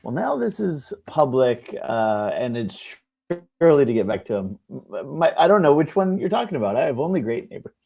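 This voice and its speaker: A young man co-hosting a casual chat show, an animated storyteller who acts out the people in his stories. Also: medium pitch, moderate pace, gravelly, husky, soft background music. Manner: animated storyteller, mimics people with shouts and laughs. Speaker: podcast co-host.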